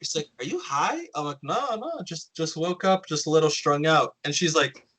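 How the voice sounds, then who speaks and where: A man's voice: a little high, normal speed, low-quality recording. A man hosting a podcast, telling a story in casual chat, acting out the lines of others and swearing freely. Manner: animated storyteller, acts out quotes, swears often. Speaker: podcast host.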